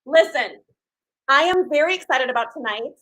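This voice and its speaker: Woman, 50s, live stream host: effusive, loud, bright and lively voice. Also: high-pitched, normal speed, rough recording. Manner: effusive and gushing, talks loudly. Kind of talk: casual live stream chat.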